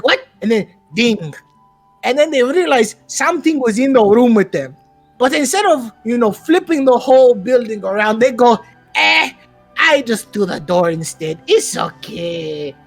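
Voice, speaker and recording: A tabletop player voicing a boastful, eccentric masked male showman who recaps the last session in character, with theatrical shouted outbursts. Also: medium pitch, animated, normal speed, soft background music.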